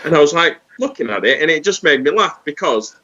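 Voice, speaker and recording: A tipsy man rambles through a long anecdote on a video call. His voice is bright, and the call audio is muffled. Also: a little high, expressive, brisk. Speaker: panel guest.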